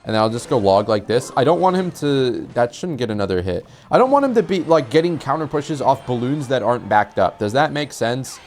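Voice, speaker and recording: A young man giving casual commentary on his own game, chatty and rambling, with sudden excited outbursts. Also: mid-range voice, fairly quick, few pauses, soft background music. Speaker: gameplay commentator.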